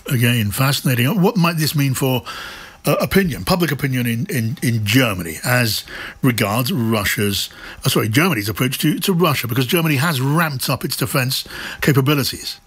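A male radio news presenter interviewing a correspondent live, asking measured, probing questions and sometimes restarting mid-sentence. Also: medium pitch, a bit bright, breathy edge.

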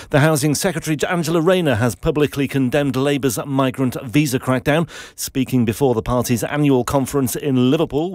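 A man reading the news bulletin in a measured, formal way. His voice is mid-pitched and the recording is dry and close. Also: a little mellow, no echo. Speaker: newsreader.

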